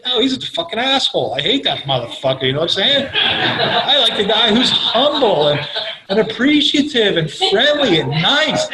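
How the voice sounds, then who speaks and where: A man's voice: high-pitched, heavy background noise. An older man from Florida sharing his recovery story, profane and blunt, laughing at himself as he tells it. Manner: profane, blunt, self-mocking, laughs while telling stories. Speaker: recovery meeting speaker.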